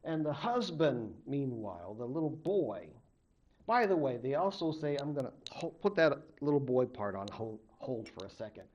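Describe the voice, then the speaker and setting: A man from a Native American tribe, a college literature instructor telling a legend in an animated lecture, acting out the characters. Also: medium pitch, moderate pace, muffled recording, slight background noise. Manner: animated, acts out the characters' voices. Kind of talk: storytelling lecture.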